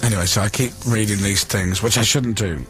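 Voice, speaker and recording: A man's voice: on the low side, brisk, over music. A man, hosting a radio show and telling a story in casual, self-deprecating on-air chat, acting out what other people say. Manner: self-deprecating, animated storytelling with acted-out quotes.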